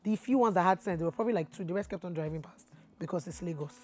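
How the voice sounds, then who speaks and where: A woman with a Nigerian accent telling a storytime vlog, swinging from low asides to loud outbursts. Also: fast, soft background music. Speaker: vlogger.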